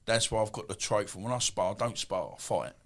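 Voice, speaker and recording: A man in his fifties with an Essex accent, telling stories as a podcast guest in a rambling, animated way with many asides. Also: fairly low pitch, brisk. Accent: Essex English. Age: 50s. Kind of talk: casual storytelling.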